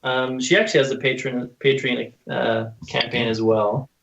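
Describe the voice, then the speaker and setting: A man's voice: mid-range voice, level tone, moderate pace, creaky, a bit bright, muffled recording. Easygoing male guest on a podcast. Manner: easygoing, laughs easily. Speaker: guest illustrator. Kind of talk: casual interview chat.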